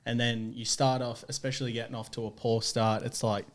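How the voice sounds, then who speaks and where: A young Australian man talking in a relaxed, reflective way. He rambles through his thoughts with plenty of fillers. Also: medium pitch, brisk. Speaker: guest. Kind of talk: casual chat.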